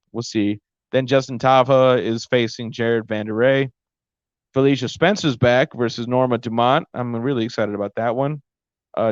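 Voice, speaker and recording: A man's voice: medium pitch, no echo, muffled recording. A man hosting a podcast, recapping fights in a casual, rambling monologue and stumbling over names. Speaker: podcast host. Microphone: close mic.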